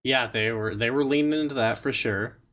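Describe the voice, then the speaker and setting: A man's voice: mid-range voice, brisk, a bit bright. A man with a mid-range voice co-hosts a podcast in easygoing casual chat. He leans on fillers like "kind of" and "you know" and often breaks into short laughs. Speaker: podcast co-host.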